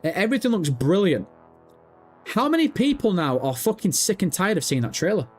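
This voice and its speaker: A man with a British accent hosting a live stream, chatting casually, excitable and swearing freely as he banters with his audience. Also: high voice, brisk, breathy edge, soft background music. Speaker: livestream host. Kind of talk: casual livestream chat.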